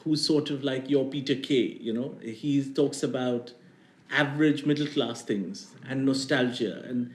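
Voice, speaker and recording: A comedian from India with a posh Indian English accent, chatting loosely in an interview, rambling and making fun of himself. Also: male voice, medium pitch, a little slow, echoey room. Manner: rambling, self-mocking, lots of fillers. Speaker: comedian guest. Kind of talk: casual interview chat.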